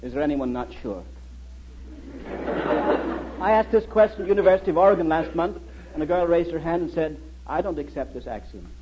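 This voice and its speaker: A man's voice: a little high, brisk, long pauses, a little mellow, slight background noise. Middle-aged man lecturing on a dull old recording. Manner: storytelling with rhetorical questions. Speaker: lecturer and historian. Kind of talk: public lecture to an audience.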